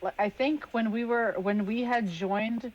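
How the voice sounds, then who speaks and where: A woman playing a tabletop game, chatting in a playful, excitable way. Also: on the high side, unhurried, muffled recording, a little hiss or hum. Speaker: player. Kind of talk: casual game chat.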